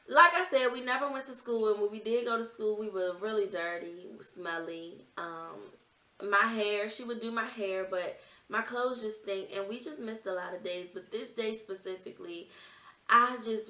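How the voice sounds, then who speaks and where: A woman's voice: mid-range voice, pushed and bright, far from the mic. A young woman vlogger earnestly telling a personal story in a conversational, emotional way. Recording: echoey room, off-mic.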